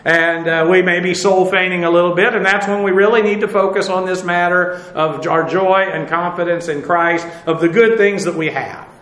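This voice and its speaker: A man's voice: high-pitched, steady tone, normal speed, hardly any pauses, fairly bright tone, reverberant, rough recording. An older man preaching a sermon as pastor, in a conversational way with many fillers and restarts.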